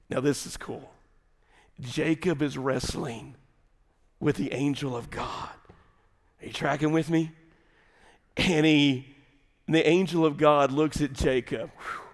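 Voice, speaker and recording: A male pastor preaching a sermon, folksy and animated, daring the congregation. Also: a little high. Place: church sanctuary. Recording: long hall reverb.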